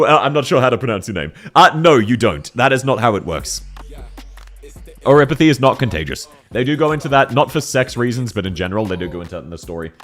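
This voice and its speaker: Young male streamer with the hiccups, frank and giggly, mid pitch and very expressive, light music behind. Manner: chatty and frank, reads and answers chat, laughs often. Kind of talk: casual livestream chat.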